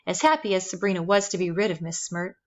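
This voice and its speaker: A woman's voice: on the low side, animated, fast talker, lo-fi sound. Woman reading a children's novel aloud. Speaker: reader.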